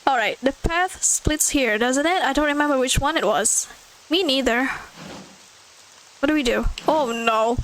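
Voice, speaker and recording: Woman streamer, high voice, unhurried delivery, excitable reactions to a horror game. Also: low-quality recording. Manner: excitable, swears and laughs a lot.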